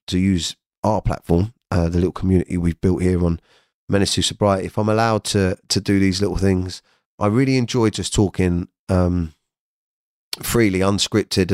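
A man's voice: low-pitched, darkish tone, no echo, clean studio sound. A man hosting an unscripted solo podcast from home, talking frankly and rambling, swearing freely. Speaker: podcast host.

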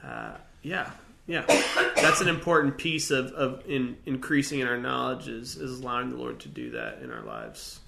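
A man's voice: mid-range voice, huge pitch swings, moderate pace, gravelly, few pauses, pushed and bright, roomy sound, a little hiss or hum. A man co-hosting a faith podcast, speaking hesitantly with many fillers and restarts, a little away from the mic. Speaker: podcast co-host.

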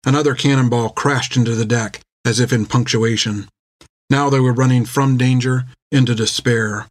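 A man reading an adventure novel aloud in measured, scripted narration on a close mic. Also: medium pitch, fairly even intonation, no echo. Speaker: audiobook narrator.

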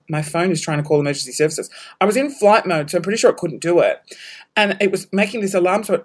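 An Australian man hosting a podcast, telling a story in casual talk, animated, swearing freely and laughing at himself. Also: high voice. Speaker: podcast host.

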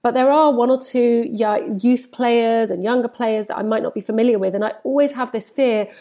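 Woman in her forties, sports presenter guest, mellow, fairly high voice, animated storyteller. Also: normal speed. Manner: animated, acts out quoted dialogue. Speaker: football presenter and reporter, guest. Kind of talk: podcast interview, storytelling.

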